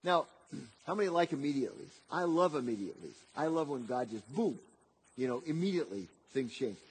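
A man preaching a sermon, often repeating words and swinging between loud emphatic lines and quiet, soft passages. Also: mid-range voice, big pitch swings, brisk, breathy edge.

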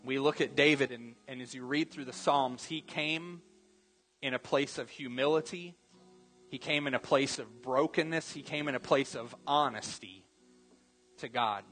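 A man preaching a sermon as pastor, earnest, repeating key phrases and slowing down for emphasis. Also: medium pitch, a bit bright, faint music behind.

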